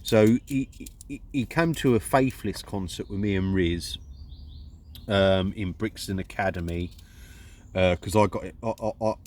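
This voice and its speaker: Ranting sweary man from Luton. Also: low voice. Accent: English, Luton. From Luton, England. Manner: swears constantly, rambling and indignant. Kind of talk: profane ranting monologue.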